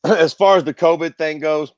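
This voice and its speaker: A brash man co-hosts a casual podcast, swearing freely and playing the contrarian. His voice sits high for a man. It is recorded dry and close to the mic. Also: steady tone, a little slow, dry recording, lo-fi sound. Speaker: podcast co-host.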